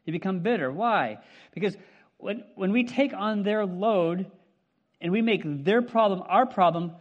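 Middle-aged man, pastor, talky sermon to a congregation, higher voice, dull lo-fi recording. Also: expressive, measured pace. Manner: chatty, asks the congregation questions, many fillers. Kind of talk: casual conversational sermon. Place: church hall with congregation.

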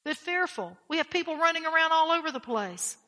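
A woman's voice: extremely high pitch, very animated, brisk, bright, forceful tone, in a large hall. A woman pastor preaching a blunt, emphatic sermon, often repeating her key phrases.

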